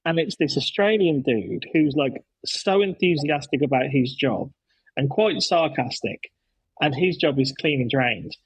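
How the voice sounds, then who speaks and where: Man, podcast host, husky voice, fairly high, dry close mic, rambling and keen. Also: expressive, unhurried, no echo, poor audio. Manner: rambling, enthusiastic, many restarts. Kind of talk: casual podcast chat.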